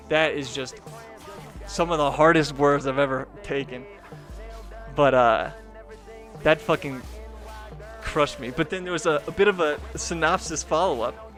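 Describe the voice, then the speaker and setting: Young man, casual storytelling, rambling, lots of filler words, slightly high voice, faint music underneath. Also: moderate pace, a bit bright. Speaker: gaming streamer and video host.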